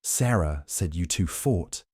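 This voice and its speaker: A man doing a warm Georgia mother-in-law. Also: low voice, expressive, takes it slowly, husky, dry recording, studio quality, full character voice. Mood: soothing. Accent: Georgia drawl. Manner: gentle, soothing.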